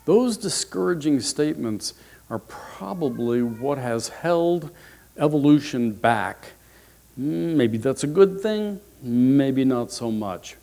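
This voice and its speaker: Male minister delivering an expressive sermon. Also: vocal fry. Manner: unhurried storyteller, expressive shifts in pitch. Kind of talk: sermon with a told joke.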